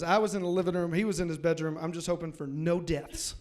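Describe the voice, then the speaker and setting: A man's voice: high-pitched, fairly even intonation, quick pace, hardly any pauses, a little mellow. A young man from Louisiana doing a stand-up comedy set, telling a story with playful, punchy timing.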